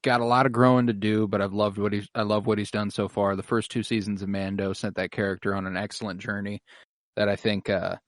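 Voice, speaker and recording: Low-voiced male podcaster, dry sound. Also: little pitch movement, fairly quick, dry recording. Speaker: podcast co-host. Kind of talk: casual chat.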